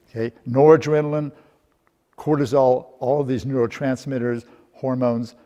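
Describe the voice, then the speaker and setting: A man's voice: medium pitch, darkish tone, big-room sound. A middle-aged man presenting a workshop, telling a humorous story with rhetorical questions in a lecture style. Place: seminar room.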